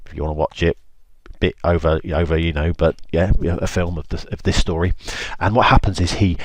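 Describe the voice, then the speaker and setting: A man's voice: low-pitched, dry recording. A man teaching a lesson, retelling a Bible story in an informal, chatty way.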